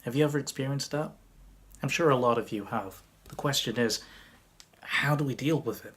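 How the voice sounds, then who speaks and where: A man who works as a magician, telling a story in a lively, conversational vlog narration. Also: mid-range voice, breathy edge. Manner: lively, conversational, with quick bursts.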